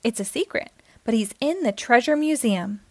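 A woman's voice: on the high side, animated, a little mellow, dry recording. Pablo, a woman doing a jumpy cartoon spy boy. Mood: excitable. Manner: jumpy, quick to panic. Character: excitable young male cartoon spy leader. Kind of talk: children's read-aloud.

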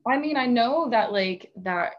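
A woman in casual chat, talking in a relaxed, rambling way with lots of fillers and frequent laughs. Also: a little high, measured pace, muffled recording. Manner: chatty, many "like" fillers, laughs often.

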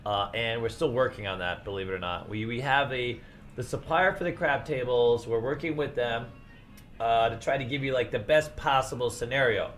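A man hosting a casual livestream chat, his voice slightly hoarse from losing it, rambling with fillers and laughs. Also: mid-range voice, normal speed, a bit bright, slight background noise. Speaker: host.

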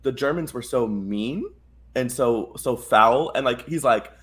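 Animated man chatting on a podcast. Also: mid-range voice, measured pace. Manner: animated, playful, acts out scenes in quoted voices. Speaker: podcast co-host. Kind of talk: casual chat.

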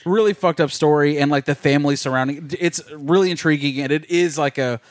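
A man's voice: a little high, fairly quick, no room sound. Swearing man telling a story, dry sound. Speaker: podcast co-host. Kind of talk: casual podcast chat.

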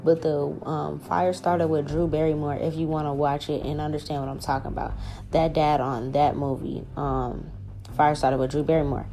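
A woman's voice: sits low, level tone, a little fast, mellow. A young woman hosting a spiritual podcast, talking in a laid-back, rambling way and swearing casually. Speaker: podcast host.

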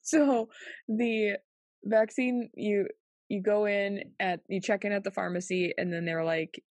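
Woman, casual storyteller, animated and quick to laugh, dry close sound. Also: dry recording. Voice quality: frequent fillers like "like" and "um". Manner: animated, laughs often, acts out quotes in a higher voice.

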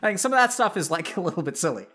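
High-voiced man talking casually to his chat. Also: racing. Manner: animated, full of "like" fillers, addresses listeners as y'all. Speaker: psychiatrist. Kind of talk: casual talk to a live chat audience.

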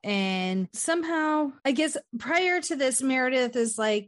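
A woman with a fairly high voice tells a film's plot with a friend. She jumps into the characters' lines as she goes, swears freely and keeps an easy, chatty flow. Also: unhurried, no room sound. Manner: animated storyteller, acts out quotes, swears freely. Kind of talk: casual chat recapping a film.

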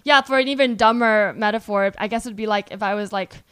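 Smooth-voiced chatty woman podcast host. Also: medium pitch, brisk. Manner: chatty, animated storyteller with frequent "like". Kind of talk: conversational interview.

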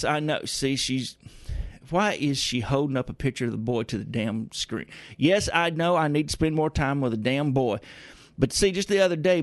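A man's voice: mid-range voice, no room sound, studio quality. A man hosting a radio show, telling a rambling comic story in a folksy way, with grumbling asides. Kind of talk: comedic rambling monologue.

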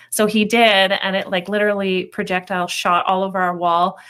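A woman in her thirties, a podcast guest, telling a story in a lively casual way and acting out the people in it. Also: medium pitch, fairly quick, few pauses. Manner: lively, acts out quoted voices while telling a story. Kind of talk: animated storytelling in casual chat.

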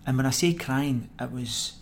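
A middle-aged Scottish man, a former footballer, telling animated stories as a podcast guest with frequent laughs. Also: medium pitch, normal speed, vocal fry, slight background noise. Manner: animated anecdote-telling, acts out quoted voices, laughs often. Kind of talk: podcast interview storytelling.

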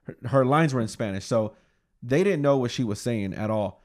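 A man's voice: mid-range voice, animated, normal speed. A young man co-hosting a podcast, chatting casually and rambling with lots of "like" fillers. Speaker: podcast co-host.

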